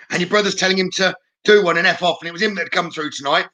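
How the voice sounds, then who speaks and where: A man speaks as a psychic medium on a live stream. His voice sits high and sounds bright and forceful, and he talks in a chatty way, passing on messages and checking in with a quick "okay?". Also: dull audio. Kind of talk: live-streamed spirit readings.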